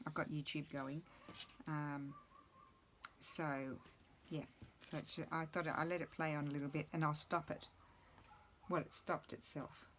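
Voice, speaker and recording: A woman's voice: sits low, a bit bright, a little hiss or hum. A middle-aged woman chatting casually and rambling to herself while she crafts at her table. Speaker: crafting video host.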